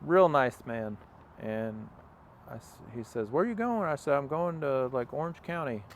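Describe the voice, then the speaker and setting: A young man tells his story in a relaxed, rambling way, full of fillers and quoted dialogue. His voice sits at a middle pitch. The recording was made outdoors and has a faint hum of background noise. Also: unhurried. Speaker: interview guest. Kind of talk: casual storytelling. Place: outdoors on a farm.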